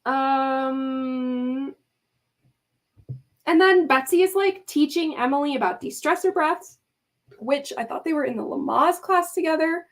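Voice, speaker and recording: A woman's voice: high-pitched, measured pace, long pauses. A woman hosting a livestream, ranting in exasperated, emphatic commentary, swearing freely and breaking off to talk to her chat. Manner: talks to chat and mods mid-rant. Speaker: livestream host.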